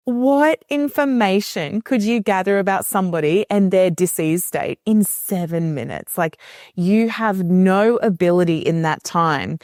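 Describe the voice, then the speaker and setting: A woman's voice: mid-range voice, a little slow, no room sound, studio quality. A woman speaking as a podcast guest, explaining in an earnest, conversational way and livening up when she retells what people told her. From Australia. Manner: earnest, animated when retelling clients' words.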